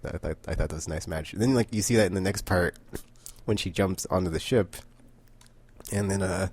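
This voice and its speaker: A man's voice: low-pitched, breathy edge. A man casually recapping a comic book issue, rambling with many fillers and frequent laughter.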